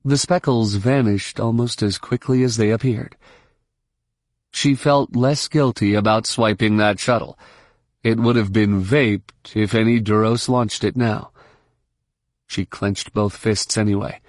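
A man narrating an audiobook in a steady, measured storytelling voice. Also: fairly low pitch, no echo, studio quality. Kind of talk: scripted narration.

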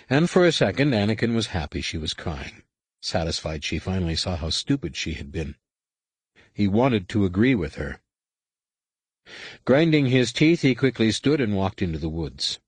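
A man reading a science fiction novel aloud as narrator, in a measured, even way. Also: on the low side, husky, no room sound. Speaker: audiobook narrator. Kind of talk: scripted narration.

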